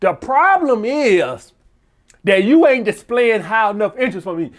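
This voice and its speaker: Man, dating-advice vlogger, high lively voice, blunt and profane. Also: measured pace. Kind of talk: casual profane monologue.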